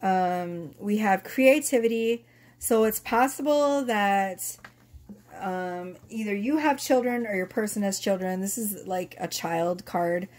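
A woman's voice: mid-range voice, takes it slowly, a little mellow. A woman in her thirties who is losing her voice, chatting casually and swearing as she reads tarot cards to camera. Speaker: tarot reader.

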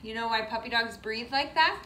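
A woman's voice: on the high side, brisk, sharp tone, slight background noise. A woman leading a children's yoga class in a playful, sing-song, coaxing way, with animal sounds along the way. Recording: roomy sound from a distant mic.

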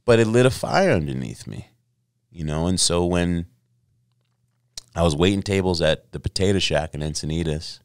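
A middle-aged man with a very deep, low voice tells a casual story as a podcast guest. He swears freely and acts out what other people said, all of it captured close and dry. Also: expressive, normal speed, long pauses, a little mellow, clean tone, no echo.

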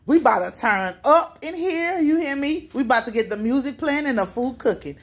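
A woman's voice: high-pitched, animated, fairly quick. A woman vlogging at home for the holidays, speaking in a style and giving upbeat, preachy blessings to viewers. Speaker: vlogger, single mother. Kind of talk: casual family holiday vlog.

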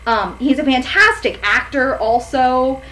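A woman co-hosting a casual chat about recasting films, enthusiastic and quick to laugh. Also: high-pitched, sharp tone, poor audio. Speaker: podcast co-host.

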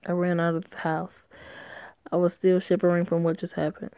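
A woman voicing a despairing, self-blaming young woman in a story game, read flat and low-key. The voice is low and mellow. It sounds dry, close to the mic. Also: normal speed, no room sound, close to an everyday voice. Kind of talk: reading a story game aloud.

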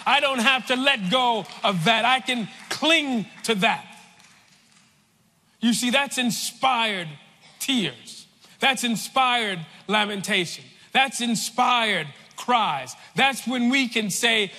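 A man preaching a sermon in a large church, slow and deliberate, repeating phrases for weight. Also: very high-pitched, pushed and bright, long reverb tail.

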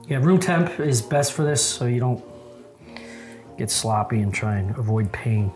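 A man's voice: medium pitch, animated, a little slow, darkish tone, soft background music. A man cooking and chatting casually, joking and cursing freely as he works. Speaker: cook. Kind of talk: casual kitchen chat.

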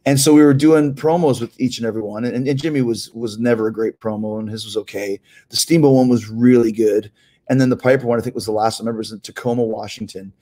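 Middle-aged man, host, casual storytelling chat, rambling, swears freely, voice at an ordinary pitch. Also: quick pace. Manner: rambling, animated, swears, restarts words. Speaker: host answering listener questions.

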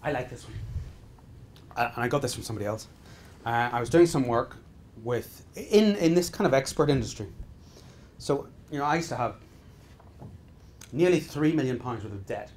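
A man's voice: medium pitch, animated, moderate pace, pauses often, a little mellow, slight background noise. A middle-aged man leading a business seminar, speaking emphatically in repeated exhortations with frequent restarts. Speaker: business trainer. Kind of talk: live seminar talk.

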